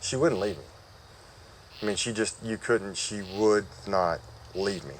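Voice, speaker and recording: A man shares a personal testimony at an outdoor church service. His voice sits somewhat low, and his talk is folksy and unpolished, full of "uh" and "um". Faint insect sounds hum behind him. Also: a little slow, low-quality recording. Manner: folksy and conversational, with frequent fillers. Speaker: church member giving testimony.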